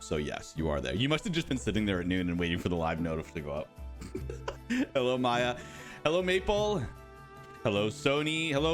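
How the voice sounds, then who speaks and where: Lively, playful male stream host. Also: lowish voice. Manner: playful, greets chat by name, rambling asides. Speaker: livestream host for a game studio. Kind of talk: casual livestream chat.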